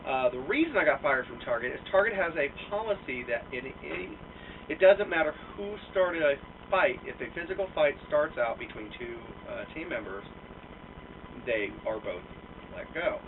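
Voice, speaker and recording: Animated, profane young man on a tinny line. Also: on the high side, moderate pace, far from the mic, slight background noise. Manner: profane, animated, self-mocking, lots of fillers. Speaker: vlogger. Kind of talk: casual storytelling rant. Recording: tinny lo-fi sound from off mic.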